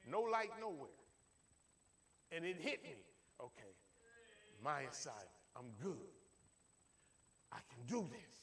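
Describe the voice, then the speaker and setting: High-voiced preacher telling a story. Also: male voice, a bit bright. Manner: storytelling preacher, folksy, emphatic. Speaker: pastor. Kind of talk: sermon. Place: church.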